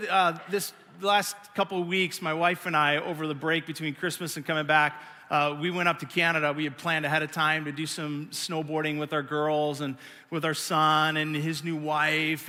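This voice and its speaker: A middle-aged male pastor with a high, bright voice, preaching to a large congregation. He tells stories with animated, self-mocking energy, acting out his own frustrations. The sound rings with the long reverb of a big church hall. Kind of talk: sermon.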